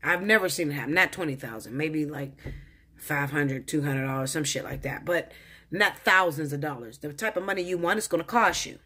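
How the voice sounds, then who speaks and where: A woman with a deep, husky voice talks briskly as a tarot reader in a casual monologue. Animated, blunt, and profane, she speaks straight to the viewer.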